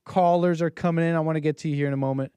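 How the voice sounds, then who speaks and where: A man's voice: a little high, steady tone, rapid-fire, dark tone, clear, resonant tone, no room sound. A man hosting a call-in talk show, rambling and joking with lots of fillers and restarts.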